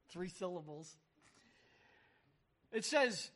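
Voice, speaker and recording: A man's voice: high-pitched, big pitch swings, normal speed, fairly bright tone. A man preaching a sermon, reading scripture aloud and acting out the voices with emphasis.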